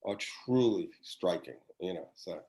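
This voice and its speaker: A man's voice: low-pitched, animated, measured pace, rough recording. An older man, a former children's TV writer, chatting as a podcast guest and telling rambling stories with many restarts over a video call. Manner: rambling, warm storytelling with restarts. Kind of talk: casual chat.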